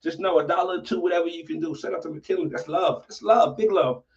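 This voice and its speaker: High-pitched, profane livestream host. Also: male voice, fast, far from the mic. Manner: profane, animated, talks to viewers. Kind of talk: casual livestream commentary. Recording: dull lo-fi audio from off-mic.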